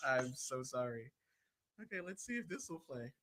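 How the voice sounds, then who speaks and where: A man's voice: mid-range voice, very animated, normal speed, pushed and bright. A man co-hosting a casual talk show, joking and apologizing through technical trouble. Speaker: podcast co-host. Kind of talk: casual chat.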